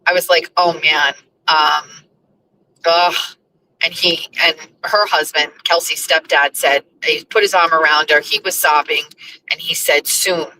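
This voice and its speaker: A woman's voice: sits low, fairly even intonation, measured pace, bright, forceful tone, slight background noise, poor audio. A woman hosting a casual live chat from her car while she drives, chatty, scattered and blunt, sounding emotional and overwhelmed. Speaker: host. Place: car, driving.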